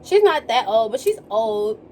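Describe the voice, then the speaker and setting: A young woman tells a story as she gets ready, in a casual, animated way. Her voice sits high, and she keeps slipping into slangy quoted exclamations. A faint hum of the room stays behind her. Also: unhurried. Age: young adult. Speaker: vlogger.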